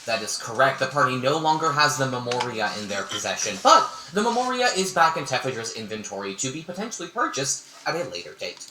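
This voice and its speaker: A man hosting and narrating a tabletop game as game master, energetic and profane, teasing his players. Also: medium pitch, brisk, few pauses, reverberant, background noise.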